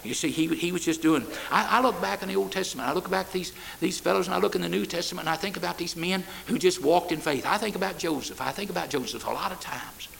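A man's voice: sits high, fast talker, vocal fry, few pauses, fairly bright tone, a little hiss or hum, poor audio. A man preaching a sermon, in a folksy style with repeated "amen" and stammered restarts. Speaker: pastor. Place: church.

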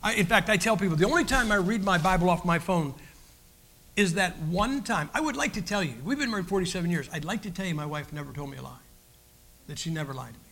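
A man's voice: high voice, quick pace, fairly bright tone. An older man, preaching a sermon in a folksy, joking style with many restarts. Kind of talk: sermon with humorous stories.

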